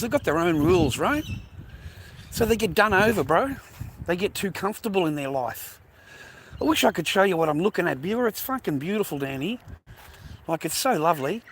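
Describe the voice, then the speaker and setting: A man's voice: fairly high pitch, fairly bright tone, a little hiss or hum. A middle-aged Australian man rambling in a casual, profane monologue to camera outdoors by the water. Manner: profane, rambling, slangy, repeats himself. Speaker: vlogger.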